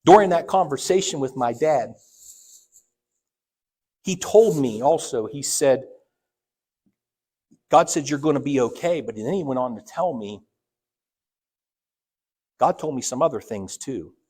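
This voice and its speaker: In a church sanctuary, an elder shares a personal story during his sermon, dramatizing each line of dialogue with big leaps in pitch and loudness. His dark, slightly rough voice has lively intonation, and he takes his time, leaving long pauses.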